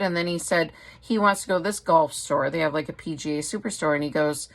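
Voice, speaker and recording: A woman's voice: sits low, fairly quick, hardly any pauses. A middle-aged woman from Wisconsin chatting casually as a craft vlogger, rambling and laughing often. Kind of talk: casual chat.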